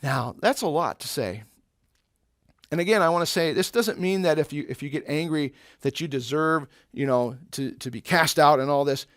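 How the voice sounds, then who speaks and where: A man's voice: fairly high pitch, normal speed, a bit bright, no room sound, clean studio sound. A man teaching an eighth-grade Bible lesson in a conversational way, explaining with everyday examples and asking rhetorical questions.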